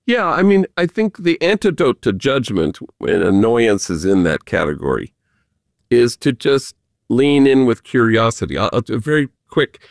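A priest in conversation whose voice swoops up and down with lively energy, catching into a gravelly fry at the ends of phrases. He speaks earnestly, with a gentle humor, as he tells stories to an interviewer. The sound is dry and close, with no room around it. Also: mid-range voice, normal speed, dry recording. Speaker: Jesuit priest, guest.

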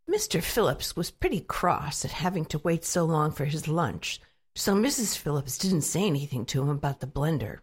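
A woman reading a children's storybook aloud in an expressive, lively way. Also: sits low, moderate pace, husky. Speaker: narrator.

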